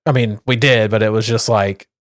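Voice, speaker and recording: A man's voice: fairly low pitch, fairly even intonation, normal speed. A man from Texas, co-hosting a casual podcast in laid-back, agreeable short replies. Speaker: podcast co-host. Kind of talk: casual chat.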